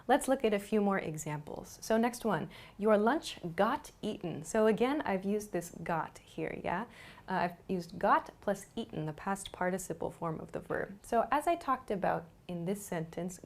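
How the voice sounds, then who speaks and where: A woman teaching a grammar lesson, explaining slowly and clearly and repeating example sentences. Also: medium pitch. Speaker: English teacher.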